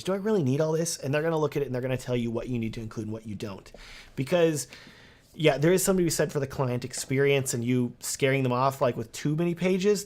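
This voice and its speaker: A young man chats casually on a live stream, reading viewer comments aloud and answering them. He talks in an animated, talkative way, with an ordinary mid-range voice. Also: mid-range voice.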